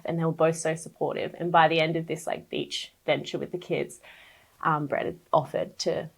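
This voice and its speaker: A woman's voice: low-pitched, fairly even intonation, normal speed, vocal fry, breathy edge. A woman speaking as a podcast guest, sharing a personal story in a casual, chatty way, full of fillers and open emotion.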